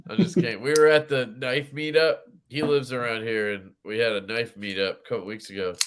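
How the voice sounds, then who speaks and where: A man's voice: medium pitch, steady tone, brisk, clean tone. A man hosting a casual livestream chat, rambling and swearing freely while he laughs. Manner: profane, rambling, laughs often. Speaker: podcast host.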